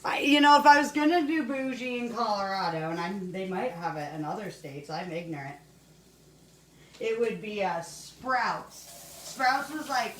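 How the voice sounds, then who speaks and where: A woman's voice: medium pitch, moderate pace, slight background noise. A woman hosting a casual cooking show in her home kitchen, rambling, swearing and laughing as she cooks. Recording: roomy room, mic at a distance.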